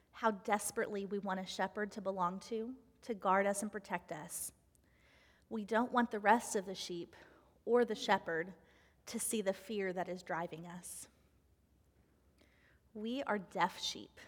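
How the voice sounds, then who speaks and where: A woman reading a devotional reflection in an earnest, measured way, slowing down on key phrases. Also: medium pitch. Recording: long hall reverb.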